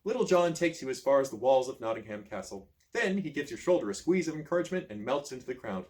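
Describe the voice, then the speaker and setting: A man reading a choose-your-own-adventure book aloud, with lively storytelling and casual asides. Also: medium pitch, fast talker. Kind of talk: expressive read-aloud narration.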